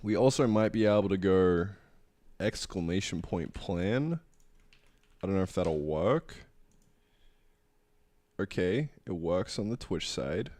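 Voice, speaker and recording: A laid-back Australian man talking to his live chat, his lowish voice swinging up and down with lively energy. He is at the tail end of a cold. The sound is dry and close, with no room around it. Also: slow pace, pauses often, dry recording. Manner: laid-back, chatty, greeting chat by name. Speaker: streamer. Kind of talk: casual livestream chat.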